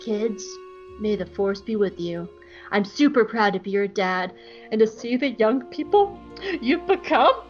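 A woman's voice: mid-range voice, lively intonation, a little slow, dull audio, faint music behind, close to an everyday voice. A woman voicing a tearful Jedi father in a parody recap, choked up and emotional. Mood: weepy. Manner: weepy, choked up.

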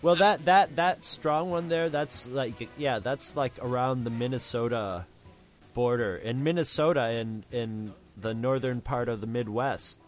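A man's voice: medium pitch, unhurried, soft background music. A man co-hosting an anime podcast, chatting casually and telling rambling anecdotes. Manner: rambling storyteller who mimics folksy drawls. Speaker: podcast co-host. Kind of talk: casual chat.

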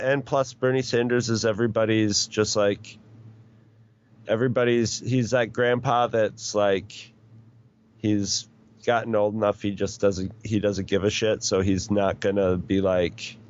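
A middle-aged man in casual chat, rambling along with many restarts and chuckles. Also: fairly low pitch. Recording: dull lo-fi recording.

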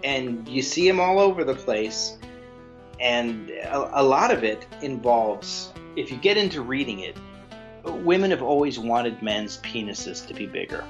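A man co-hosting a podcast, telling a crude story in a rambling, animated way with lots of restarts. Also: mid-range voice, measured pace, lo-fi sound, soft background music. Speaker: podcast co-host. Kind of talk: casual chat, storytelling.

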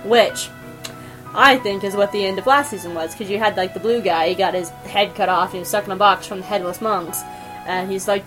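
A woman's voice: mid-range voice, a little fast, faint music behind, rough recording. A young woman hosting a podcast, gushing about a TV episode in casual chat and acting out the characters' lines. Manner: gushing, excitable, acts out quoted lines. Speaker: podcast host.

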